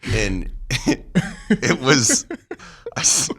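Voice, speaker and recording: A young college football player as a podcast guest, talking casually in a hesitant way with many restarts. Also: male voice, medium pitch, very animated, drawn-out words, fairly bright tone, slightly rough. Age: young adult. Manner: hesitant, many restarts, laughs through stories. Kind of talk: casual chat.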